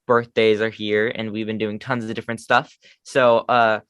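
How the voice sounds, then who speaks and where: A man's voice: on the low side, level tone, moderate pace, fairly bright tone, clear, resonant tone, dry recording. A man co-hosting a fan podcast, talking eagerly and making fun of his own attempts. The sound is close and dry, with no room around it. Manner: enthusiastic fan talk, self-deprecating. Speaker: podcast co-host. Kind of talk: casual chat.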